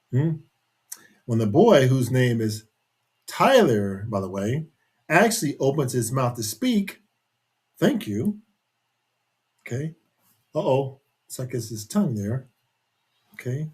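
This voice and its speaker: Husky-voiced man reading to kids. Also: mid-range voice, sing-song, unhurried, pauses often, a little mellow. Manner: chatty, asks young listeners questions. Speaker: children's book reader. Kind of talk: reading a picture book aloud to children.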